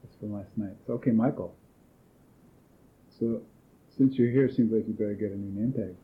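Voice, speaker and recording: Man, lowish voice, calm facilitator, probing questions, thin phone-like sound. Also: moderate pace. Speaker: workshop leader. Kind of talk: facilitating a group process. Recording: thin phone-like workshop recording.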